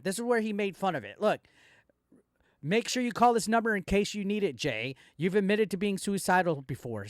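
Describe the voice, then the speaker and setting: A man with a notably high-pitched voice rants through a commentary video. He swears constantly and talks straight at the person he is attacking. The sound is dry, with no room echo. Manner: profane, heated ranting addressed straight at a rival. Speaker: commentary channel host. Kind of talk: angry reaction commentary.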